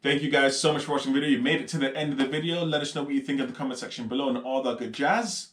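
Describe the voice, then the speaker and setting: Speaking very fast in a mid-range, somewhat bright voice with fairly steady intonation, another man co-hosts the podcast. His casual banter is jokey and rambling, full of tangents, and the room has a noticeable echo.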